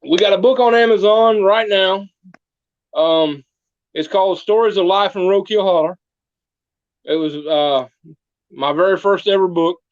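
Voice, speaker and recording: A man's voice: high voice, unhurried, long pauses, dry recording, highs cut off. A man, playing a small-town mayor who tells comic tall tales in an interview and does voices for the people in them. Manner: folksy tall-tale teller, doing voices for the people in his stories. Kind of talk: comic storytelling in a podcast interview.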